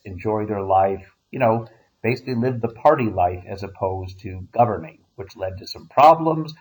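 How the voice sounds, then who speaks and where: A man's voice: fairly low pitch, a little mellow, poor audio. A man, a history teacher, giving a casual recorded lecture with wry asides and frequent fillers.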